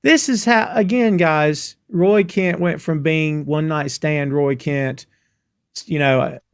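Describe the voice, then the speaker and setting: A man hosting a casual podcast, retelling scenes in an animated way. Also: fairly high pitch, slow pace, clean tone, dry recording, clean studio sound. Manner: animated storyteller recounting scenes. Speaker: podcast host. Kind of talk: casual recap chat.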